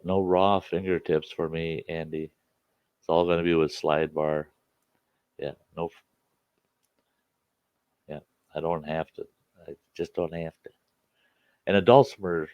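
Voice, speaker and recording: A man's voice: very deep voice, no echo, muffled recording. A man hosting a casual chat show, telling rambling, folksy stories with many restarts. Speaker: campfire chat show host.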